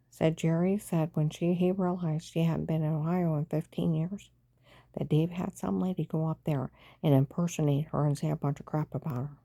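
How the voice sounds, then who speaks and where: Woman vlogger, lowish gravelly voice, meandering storyteller with whispered asides. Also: fairly even intonation, normal speed, dark tone, no room sound, studio quality. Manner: rambling, with sudden whispered asides. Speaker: vlogger recounting events. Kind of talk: rambling monologue.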